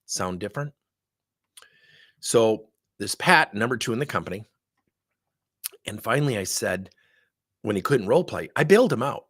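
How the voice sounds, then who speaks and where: A middle-aged sales trainer with a husky voice, talking in a lively, sing-song way that swings high and low. he tells workshop stories bluntly and with emphasis, and he pushes his listeners hard. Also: normal speed, long pauses, no echo, studio quality. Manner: animated, blunt, emphatic storyteller. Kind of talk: storytelling workshop webinar.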